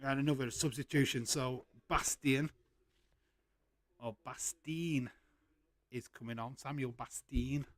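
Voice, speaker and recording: A man's voice: mid-range voice, steady tone, measured pace, no echo. A man hosting a casual live watch-along, chatting loosely and laughing often. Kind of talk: casual live-stream chat.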